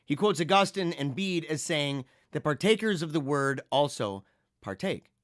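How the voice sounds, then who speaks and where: A man hosting a casual livestream, reading viewer comments and chatting in an animated, laughing way. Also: on the high side, no room sound, clean studio sound. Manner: animated, laughing, drawn-out slang. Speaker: livestream host.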